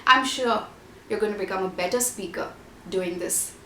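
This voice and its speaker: A woman's voice: medium pitch, moderate pace, fairly bright tone, echoey room, a little hiss or hum. A woman giving a scripted online exam-prep lesson, listing tips and repeating key points. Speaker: IELTS tutor.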